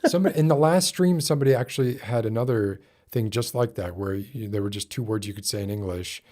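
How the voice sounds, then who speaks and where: Rambling man with a lowish voice. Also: fast, a little mellow. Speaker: podcast host. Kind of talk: casual chat.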